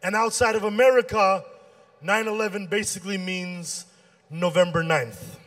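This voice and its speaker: A man in his thirties or forties performing a stand-up comedy set as emcee, telling stories and acting out the dialogue with big swings in voice. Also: moderate pace. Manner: animated storytelling, acting out dialogue with shifts in pitch.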